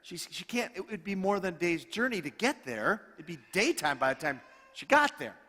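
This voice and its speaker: A middle-aged male pastor tells stories from the pulpit, slightly high-voiced and animated, slipping into the voices of the people in his tales. His words ring out with a long reverb off a church sanctuary. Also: normal speed. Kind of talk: storytelling sermon.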